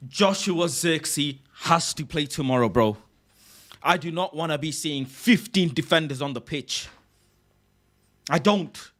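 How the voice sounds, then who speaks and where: An excitable young man streaming a casual chat, his slightly high voice leaping up and down as he repeats himself for emphasis. He talks in an unhurried, drawn-out way and keeps tacking on "bro". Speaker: livestream host.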